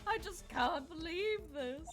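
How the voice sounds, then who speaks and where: A woman's voice: very high voice, expressive, takes it slowly, music in the background, pitched above the performer's own voice, full character voice. A woman voicing a hysterical middle-aged woman in a game, shrieking and accusing, her voice climbing. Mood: furious.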